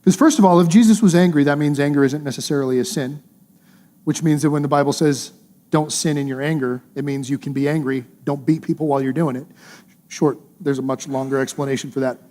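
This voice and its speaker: A male pastor preaches in an earnest, conversational manner and drives his points home with repetition. His voice is fairly high for a man, with a mellow, warm tone. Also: fairly even intonation, fast talker. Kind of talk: sermon.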